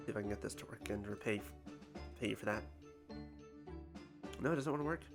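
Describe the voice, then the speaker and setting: A game streamer commenting casually and making self-deprecating jokes between reading lines. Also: mid-range voice. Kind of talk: casual let's-play commentary.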